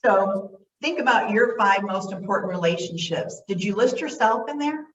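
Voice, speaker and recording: A woman's voice: medium pitch, moderate pace. A middle-aged woman leads a self-care workshop, folksy and encouraging, talking right to her listeners. Her voice sits back from the mic in a roomy, echoing space, with a dull, muffled tone and a faint hiss underneath. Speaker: workshop presenter. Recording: echoey, distant, dull sound.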